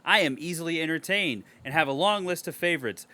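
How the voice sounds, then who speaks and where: Bright-voiced man ranting sarcastically. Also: fairly high pitch, fast. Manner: reads a review aloud and rants at it with sarcastic, profane outbursts. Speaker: podcast co-host. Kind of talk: casual podcast movie review.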